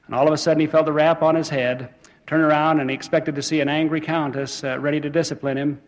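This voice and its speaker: A man's voice: on the high side, flat delivery, fast talker. A man giving an earnest sermon to church brethren, urging them on with some fillers and restarts, with a long hall reverb. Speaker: church speaker.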